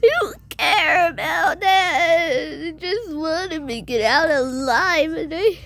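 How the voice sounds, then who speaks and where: A woman's voice: very high voice, takes it slowly, fairly bright tone. A female speaker acting out a home-made pretend-play scene, giggling often and playing up the panic melodramatically.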